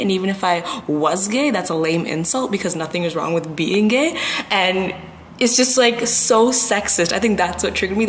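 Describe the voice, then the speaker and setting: A woman's voice: on the low side, slight background noise. A woman in her twenties, talking to camera in a casual vlog rant, outspoken and emphatic with plenty of slang. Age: 20s. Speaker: vlogger.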